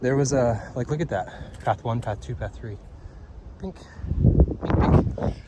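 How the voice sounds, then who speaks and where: A young man hiking and talking to his camera outdoors, excited and slangy, laughing often and out of breath. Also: medium pitch, normal speed. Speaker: hiking vlogger. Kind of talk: outdoor vlog commentary. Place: outdoors on a hiking trail by a waterfall. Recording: noisy outdoor recording.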